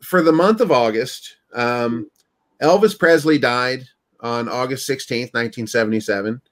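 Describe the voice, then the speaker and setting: A man's voice: medium pitch, moderate pace. A man from the United States hosting a casual livestream, joking and reading viewer comments aloud. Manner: playful, joking, reads chat comments aloud. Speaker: livestream host.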